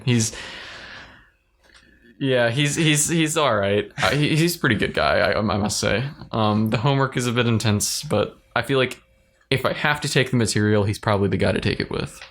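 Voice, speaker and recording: A man's voice: medium pitch, moderate pace, a bit bright. A young man co-hosting a podcast, talking casually and easygoing with dry joking asides. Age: young adult. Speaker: podcast co-host. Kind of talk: casual chat.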